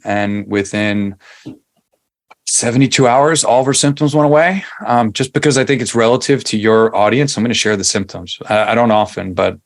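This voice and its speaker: A man in his forties from Long Island, New York, speaks with a fairly low voice as a podcast guest. He tells his story casually, with frequent fillers and restarts. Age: 40s. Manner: conversational, many fillers and restarts.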